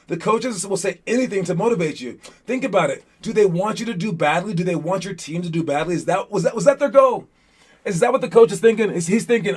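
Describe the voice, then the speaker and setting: A man's voice: sits high, expressive, fast, breathy edge. A young man coaching young basketball players in a casual, rambling motivational talk full of fillers and restarts.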